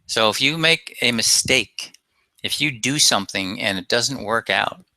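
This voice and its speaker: Forceful, bright-toned male coach. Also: mid-range voice, measured pace, gravelly, dry recording. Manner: emphatic, coaching with rhetorical questions. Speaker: self-help coach. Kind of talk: webinar presentation.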